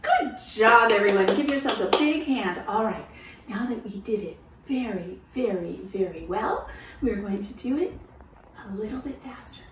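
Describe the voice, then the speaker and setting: A woman at home leading a gentle, encouraging children's movement and singing lesson. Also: medium pitch, animated, normal speed, distant mic, background noise. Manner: gentle, encouraging, sings along. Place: her home. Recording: roomy, from away from the mic.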